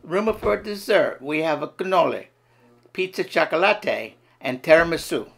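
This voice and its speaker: Theatrical Italian waiter, a man doing the voice, high and loud, put-on Italian accent, sing-song. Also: expressive, moderate pace, creaky, soft background music, heavily acted. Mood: effusive.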